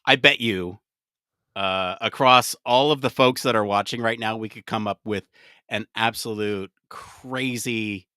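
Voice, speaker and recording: A man's voice: fairly low pitch, a little slow, clear, resonant tone, dry recording, clean studio sound. A man hosting a live podcast, chatting casually and mumbling to himself while he sets something up. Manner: excitable, loud outbursts, then mumbling while typing prompts. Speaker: podcast host. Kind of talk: casual live-stream chat.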